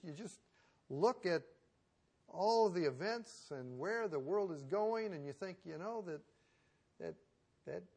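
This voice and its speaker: Man preaching with hushed asides. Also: fairly high pitch. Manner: conversational preaching with rhetorical questions and restarts; swings from loud emphasis to soft, hushed asides. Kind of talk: sermon.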